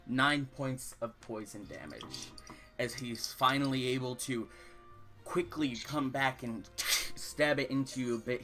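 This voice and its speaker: A young man narrating as dungeon master, describing the fight in lively detail and calling for rolls. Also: medium pitch. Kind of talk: narrating a tabletop game.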